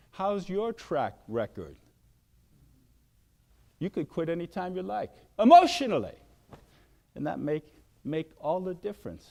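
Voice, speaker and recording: Older guy doing a motivational talk, fairly high voice, swoops all over the place. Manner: animated, acts out shouted outbursts. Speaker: wellness speaker.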